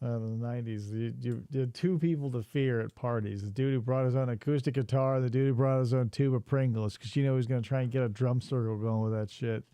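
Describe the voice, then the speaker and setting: A man hosting a comedy podcast, reacting to old TV ads with animated joking and swearing. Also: mid-range voice, fairly quick, hardly any pauses, smooth, faint music behind. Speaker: podcast host. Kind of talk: casual comedic commentary.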